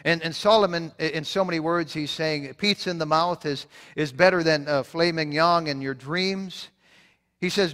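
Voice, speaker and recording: Here a pastor preaches earnestly in a church sanctuary, restarting his words often and repeating points to stress them. His voice sits on the high side, a bit bright, at a moderate pace, with long church reverb in the recording.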